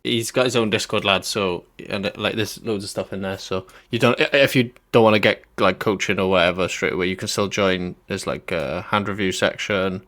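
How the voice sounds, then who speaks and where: A man's voice: low-pitched, a little fast, hardly any pauses, fairly bright tone. A young British man hosting a stream, chatting loosely and addressing his viewers as lads. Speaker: stream host. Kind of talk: casual stream chat.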